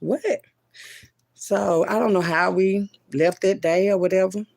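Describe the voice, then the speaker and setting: A woman telling a personal story in casual, slangy speech, swinging from loud exclaims to hushed asides. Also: medium pitch, steady tone, a little slow, creaky. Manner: profane, slangy and conversational.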